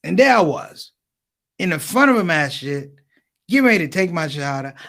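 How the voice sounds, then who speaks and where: A middle-aged man telling a comic story to an audience, with punchy, animated delivery and repeated words for effect. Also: on the high side, a little fast. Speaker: speaker.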